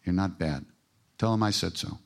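A man's voice: deep voice, moderate pace, creaky. An older man giving a casual spiritual talk as a podcast host, emphatic and irreverent, with blunt swearing and self-mocking jokes.

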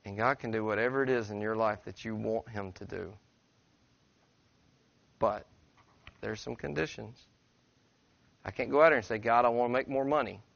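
Gravelly-voiced man preaching a sermon. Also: fairly low pitch, normal speed, long pauses, a bit bright, no echo, highs cut off. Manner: folksy, conversational storytelling with self-corrections. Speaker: pastor. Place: church sanctuary.

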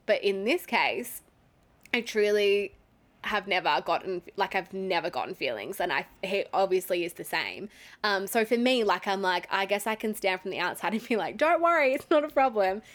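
A woman's voice: mid-range voice, normal speed. A young Australian woman telling a story casually, full of fillers and swearing, often laughing.

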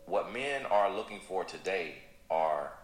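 A man speaking calmly and earnestly about relationships in a played clip. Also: sits low, a little slow. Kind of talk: measured speech on relationships. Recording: echoey room with faint background noise.

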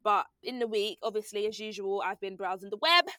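A woman's voice: medium pitch, brisk, sharp tone, dry recording. A young woman co-hosting a podcast in a casual, laughing chat. She sounds a little congested. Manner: chatty, laughing, teasing. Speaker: podcast co-host.

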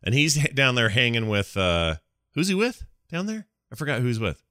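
Bright-voiced man rambling through a recap. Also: mid-range voice, big pitch swings, moderate pace, no echo, studio quality. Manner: rambling recap, fumbles names, laughs often. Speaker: podcast host. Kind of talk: casual podcast chat.

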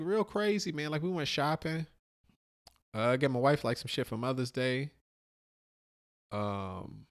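A man's voice: medium pitch, creaky. A middle-aged man, co-host of a podcast, chatting casually and profanely about his trip, acting out what people said. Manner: animated storytelling, acts out quotes.

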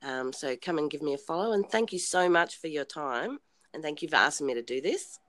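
A woman's voice: low-pitched, expressive, brisk, a bit bright, no room sound. An Australian woman talking as a guest in a casual podcast interview, chatty and hesitant, with frequent ums and easy laughter.

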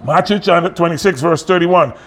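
A man's voice: a little high, fairly quick, a bit bright. A pastor in his sixties preaching a sermon, talking plainly and joking with his congregation while in pain. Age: 60s. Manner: conversational, jokes with the congregation. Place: church sanctuary.

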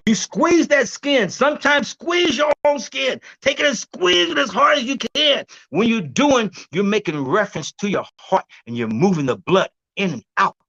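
A man with a notably high voice tells stories with lively energy. He laughs often and acts out the voices of other people. He swings between loud bursts and low, quiet asides. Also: normal speed, creaky, hardly any pauses, dry recording, muffled recording. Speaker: guest herbalist. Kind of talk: animated storytelling interview.

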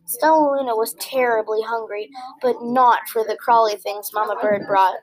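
High-voiced woman reading a storybook. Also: normal speed, crowd noise, rough recording. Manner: gentle expressive read-aloud with small slips. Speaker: storybook reader. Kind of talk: reading a picture book aloud.

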